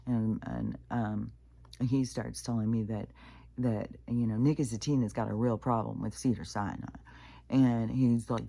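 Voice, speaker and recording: A woman vlogging a casual, profane rant, often pausing to clear her throat. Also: rumbling low, fairly even intonation, dark tone. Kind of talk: casual venting monologue.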